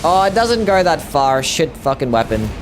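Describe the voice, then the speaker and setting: A man's voice: a little high, very animated, moderate pace, soft background music. A young Australian man with an Australian accent chats casually and swears while he streams a game for his viewers. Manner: laid-back and sweary, chatting to viewers. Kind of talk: casual chat while gaming.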